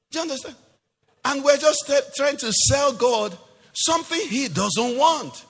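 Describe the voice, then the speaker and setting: A man's voice: very high voice, sing-song, normal speed, a bit bright, big-room sound. A male pastor preaching a sermon, quizzing the congregation with rhetorical questions.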